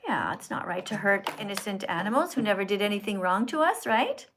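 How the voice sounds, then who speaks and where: A woman's voice: medium pitch, sing-song, brisk, background noise. A woman hosting a live stream from her phone, talking earnestly and in a preachy, teacherly way to her viewers. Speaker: livestream host. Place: indoors in Italy.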